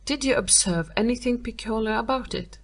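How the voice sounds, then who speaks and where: A woman's voice: on the high side, vocal fry. Woman reading as a detached, reasoning male detective. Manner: measured, reasoning.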